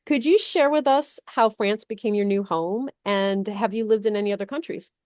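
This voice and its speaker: A woman hosting a podcast, introducing her guest and asking measured, clear questions. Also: medium pitch, darkish tone, no room sound, clean studio sound. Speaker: podcast host. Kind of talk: podcast interview.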